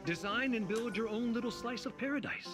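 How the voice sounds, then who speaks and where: A man's voice: very high-pitched, fairly quick. A man voicing a cheerful, folksy narrator in a game trailer about fishing and cozy living. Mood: upbeat folksy. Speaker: trailer announcer. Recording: game trailer audio under loud music.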